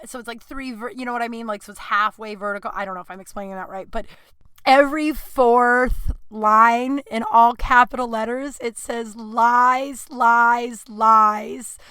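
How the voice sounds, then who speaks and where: A woman's voice: a little high, steady tone, a little fast, a bit bright, smooth, no echo. A woman in her thirties hosting a podcast, telling a personal story in a candid, chatty way, swearing freely and acting out the dialogue. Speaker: podcast host. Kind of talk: casual storytelling monologue.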